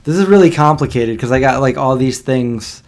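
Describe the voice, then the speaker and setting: Man, livestream host, loose rambling chat, mid pitch. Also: normal speed, darkish tone. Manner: chatty, rambling, reacting to old videos.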